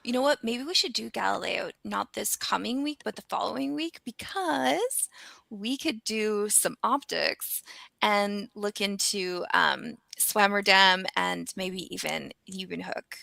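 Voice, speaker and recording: The dry recording captures an unhurried, creaky, medium-pitched voice. It belongs to an American woman, a scientist who appears as a regular guest, chatting casually and animatedly with many ums and restarts.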